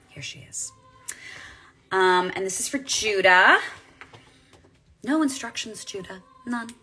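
Lively chatty woman in her forties. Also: medium pitch, gravelly, breathy edge. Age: 40s. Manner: chatty, reads fan comments aloud. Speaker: voice actress signing autographs. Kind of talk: casual live-stream chat.

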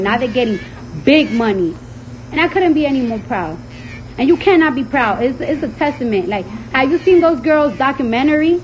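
A woman with a high voice rants to her followers, heated and swearing freely. She repeats words over and over for emphasis. The phone audio sounds a bit dull, with faint noise behind her. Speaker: rapper ranting to followers. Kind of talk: profane casual rant.

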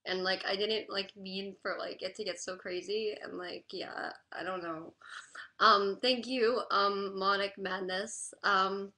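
A crying woman talking haltingly and apologetically on a live stream, full of "like" fillers. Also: mid-range voice, fairly even intonation, bright, forceful tone. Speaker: livestreamer reading chat.

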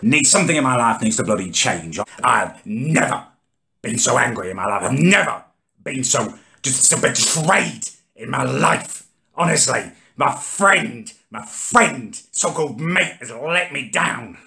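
A man's voice: mid-range voice, animated, a little slow, vocal fry, sharp tone. Ranting indignant man in his thirties. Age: 30s. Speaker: comedic vlogger. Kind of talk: comedic rant to camera.

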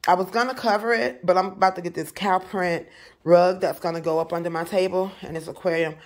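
A young woman chatting casually to her viewers in a home vlog, animated and talking straight to them. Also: on the low side, fairly quick. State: out of breath in places. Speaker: vlogger. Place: home, indoors.

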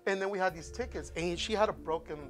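A man's voice: sits high, quick pace, soft background music. A man on a casual podcast chat, telling rambling, profane stories and acting out the voices of people in them. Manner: profane storytelling, acts out voices. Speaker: guest.

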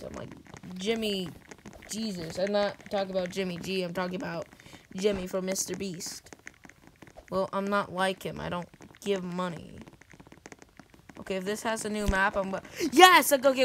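A woman narrates her gameplay in a loose, rambling way and keeps breaking into sudden yells. Her voice sits at an ordinary middle pitch. A steady hiss of background noise runs under the whole recording. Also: moderate pace. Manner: rambling, often bursts into yelling. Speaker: gaming video creator. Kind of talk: game commentary.

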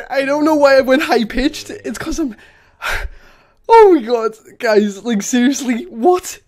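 A high, lively woman's voice streams a game for viewers, easily tipping into excitable shrieks and giggles of disbelief. She talks at an unhurried pace over faint background music. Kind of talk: live stream commentary.

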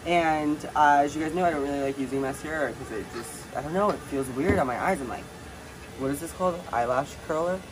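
A man filming a playful challenge vlog, excitable and self-mocking, swearing often. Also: on the high side, brisk. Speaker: vlogger. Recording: noisy home recording.

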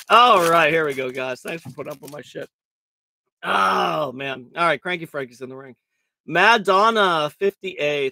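A raspy-voiced man hosting a live card break, calling out cards in a crude, joking way and laughing often. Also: high voice, pushed and bright, dry recording. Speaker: host of a live trading card box break. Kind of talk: casual live-stream commentary.

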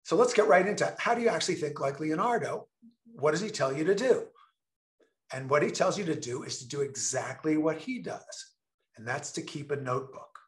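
A man giving an enthusiastic online presentation, stressing key words slowly and deliberately. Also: a little high, expressive, reverberant.

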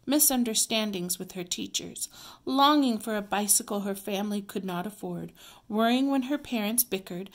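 A woman teacher reading a children's story aloud, clear, expressive and measured. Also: medium pitch.

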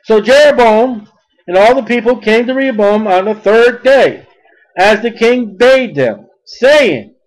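A man preaching a sermon, blunt and folksy, mocking at times and rising to shouts. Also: high voice, measured pace, poor audio.

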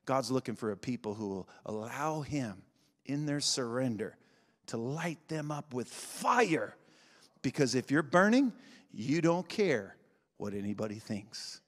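Animated preacher man in a big echoing hall. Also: medium pitch, measured pace. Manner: swings between shouting and quiet intensity, laughs often. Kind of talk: revival sermon. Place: large church sanctuary. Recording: long reverb of a big hall.

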